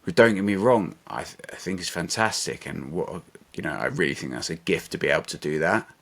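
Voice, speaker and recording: A man's voice: sits low, expressive, brisk, gravelly, a bit bright. A man co-hosting a podcast, talking in an earnest, reflective and motivational way. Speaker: podcast co-host. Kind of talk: casual podcast chat.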